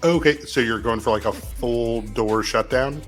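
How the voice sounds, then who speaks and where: A man's voice: medium pitch, measured pace, soft background music. A man narrating as game master of a tabletop game, playful and laughing often as he describes the scene.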